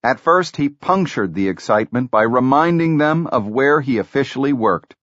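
A man narrating an audiobook in a measured, even storytelling delivery. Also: medium pitch, dry recording, dull audio. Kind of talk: scripted narration.

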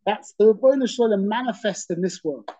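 A man's voice: high-pitched, animated, quick pace, warm tone, poor audio. A man teaching a religious class in a conversational way, often checking in with "okay?" and repeating phrases for emphasis. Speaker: Torah teacher.

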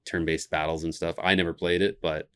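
Low-voiced, easygoing male podcast co-host. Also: flat delivery, brisk, clear, resonant tone. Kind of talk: casual gaming podcast chat.

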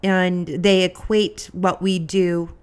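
A woman's voice: on the low side, flat delivery, takes it slowly, darkish tone, clear, resonant tone. Self-deprecating woman chef chatting. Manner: rambling, self-deprecating, many restarts. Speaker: chef, podcast co-host. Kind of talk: casual chat.

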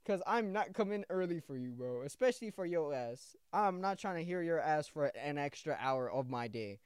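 A man's voice: on the high side, expressive, normal speed, smooth, no echo, clean studio sound. A young man ranting casually and profanely as a podcast host, rambling and mocking.

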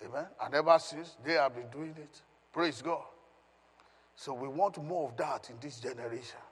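A man's voice: a little high, moderate pace, fairly bright tone, husky. A male pastor giving an emphatic Bible teaching, questioning his congregation as he reads scripture. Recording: long reverb of a hall.

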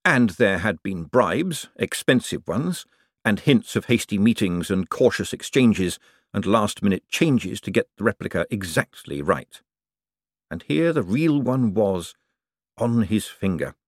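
A man narrating an audiobook in an expressive, storytelling manner. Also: lowish voice, unhurried, dry recording, studio quality.

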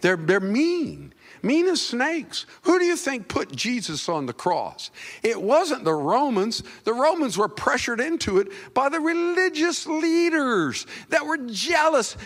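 Animated, bright-voiced male preacher. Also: measured pace. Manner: animated, acts out quotes with sudden high loud bursts; conversational, teasing the congregation. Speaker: pastor. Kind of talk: sermon.

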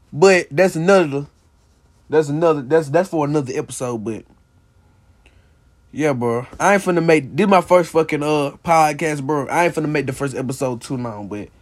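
High-voiced young man ranting bluntly. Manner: blunt, profane, repeats "you feel me" and "bro"; heated, insistent. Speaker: podcast host. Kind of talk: casual solo podcast rant.

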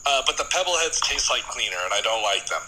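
A man's voice: medium pitch, lively intonation, quick pace, sharp tone, low-quality recording. A man chatting as a podcast guest and telling a rambling, jokey story. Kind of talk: casual chat.

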